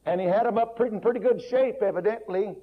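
A man preaches in a husky, slightly raised voice, telling the story in a folksy, dramatic way. He drops to near-hushed lines and then swells louder. The sound is dull and lo-fi. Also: sits high, quick pace. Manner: folksy, dramatic retelling with sudden soft and loud swings. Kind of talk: sermon storytelling. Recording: muffled lo-fi recording.

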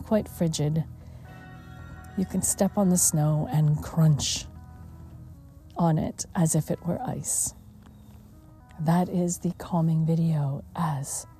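A woman hosting a mindfulness talk, speaking gently and unhurriedly, sometimes dropping to a hush. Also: lowish voice. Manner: gentle and unhurried, with soft laughs and hushed moments. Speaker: mindfulness podcast host. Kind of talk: slow reflective mindfulness talk.

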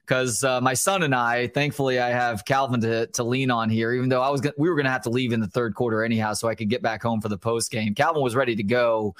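A man's voice: mid-range voice, fairly even intonation, fast talker, hardly any pauses, a bit bright, no echo, clean studio sound. A man co-hosting a sports podcast, chatting and telling stories in casual talk. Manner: chatty, storytelling.

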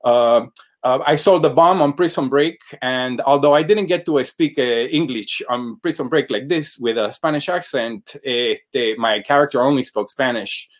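A man's voice: medium pitch, normal speed. Chatty man rambling about acting work. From United States. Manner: chatty, rambling, frequent fillers. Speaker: actor guest. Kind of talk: casual interview.

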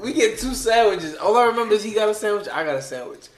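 A man telling a story in a casual group chat, animated, profane and laughing as he talks. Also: high voice, fast, echoey room.

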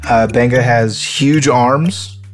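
A man with a mid-range voice runs a casual tabletop role-play game, reading the rules and slowly describing characters. He rambles, laughs, and uses many fillers, with soft music playing in the background.

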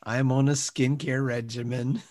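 A man's voice: medium pitch, level tone, measured pace, darkish tone. A man on a comedy podcast improvising an earnest, gushing character with giggles.

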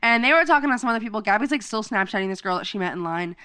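A woman's voice: mid-range voice, animated, rapid-fire, bright, forceful tone, smooth, dry recording. A young woman telling a story in casual chat, rambling with lots of "like" and frequent giggles.

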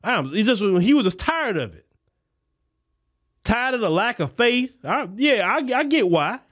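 Man, political commentary podcast, impassioned, high voice. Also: very animated, measured pace, a bit bright. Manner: impassioned, repetitive, preacher-like cadence. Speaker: podcast host. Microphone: podcast microphone.

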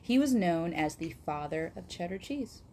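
A woman's voice: fairly low pitch, animated, moderate pace, warm tone, a little hiss or hum. A woman from Wisconsin with a Wisconsin accent, co-hosting a podcast in a chatty, rambling way with lots of fillers and giggles. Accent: Wisconsin, upper Midwest US. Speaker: podcast co-host. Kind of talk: casual podcast chat.

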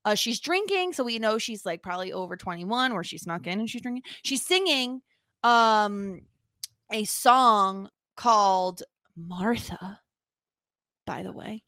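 Animated woman podcast co-host. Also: medium pitch, no echo, studio quality. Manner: animated, quick to joke. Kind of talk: casual chat.

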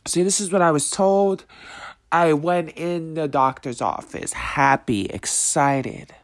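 A man speaking as a motivational speaker, preaching in a slow, emphatic way with repeated rhetorical questions. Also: on the high side. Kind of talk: motivational monologue.

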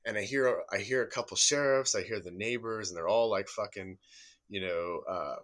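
A man with a low, bright and forceful voice tells a story as a podcast guest. He is animated and swears freely, and he acts out the people in the story as he goes. His delivery is loose and casual. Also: moderate pace. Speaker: podcast guest, urban explorer.

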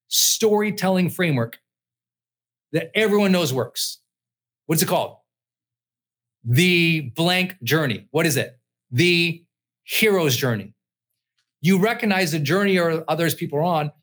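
Man, middle-aged, motivational podcast host, energetic and emphatic, fairly high voice. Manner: energetic, emphatic, lists numbered points. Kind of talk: motivational talk.

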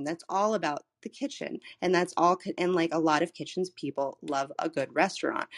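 A woman in her thirties from Florida, a human design coach, telling a personal story in a casual, animated way, swearing freely and often restarting her words. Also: fairly low pitch. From Florida, USA. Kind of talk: casual storytelling in a live audio room. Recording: live social audio room recording.

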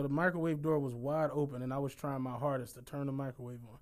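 A man, co-hosting a podcast and telling stories in an animated, profane way. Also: mid-range voice, fast talker. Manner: animated, profane, laughs through his stories. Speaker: podcast co-host. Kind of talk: casual storytelling chat.

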